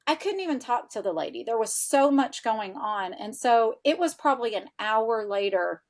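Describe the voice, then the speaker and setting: A woman guest on a podcast, chatty and animated, sprinkling in "like" and acting out what people said as she tells a personal story. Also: on the high side, normal speed. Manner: animated, chatty, frequent "like" fillers, acts out quoted dialogue. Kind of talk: casual storytelling in a podcast interview.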